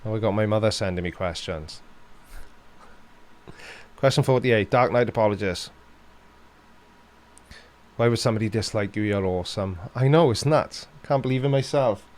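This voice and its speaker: A man's voice: lowish voice, moderate pace, pauses often, darkish tone. A man with a Welsh accent hosting a casual live-stream Q&A, reading out chat questions and answering with dry, sarcastic humour.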